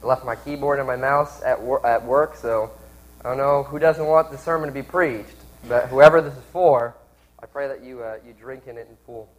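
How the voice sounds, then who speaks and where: A man's voice: medium pitch, steady tone, normal speed, slight background noise, low-quality recording. Sick preacher quizzing his listeners. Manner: conversational, asks the audience questions. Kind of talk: sermon and teaching.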